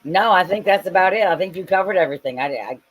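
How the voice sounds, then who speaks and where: A man's voice: high voice, animated, rapid-fire, fairly bright tone, husky. A man from the USA in a casual live-stream chat, sounding tired and laid-back.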